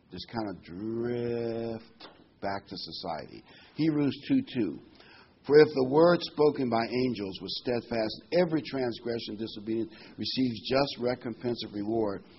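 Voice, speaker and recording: A pastor preaching a sermon in a conversational, folksy way, repeating key words for emphasis. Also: male voice, mid-range voice, highs cut off, slight background noise.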